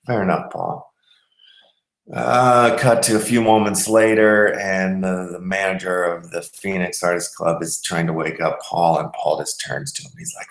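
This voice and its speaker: A man's voice: sits low, fairly even intonation, measured pace, a bit bright, echoey room, poor audio. A man hosting a podcast, telling a story in casual chat and rambling with restarts mid-sentence. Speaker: podcast host.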